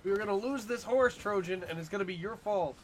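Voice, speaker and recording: A man's voice: high-pitched, fast, a little hiss or hum. A man giving casual commentary while playing a video game, talking to his horse and getting frustrated at the game. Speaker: gamer.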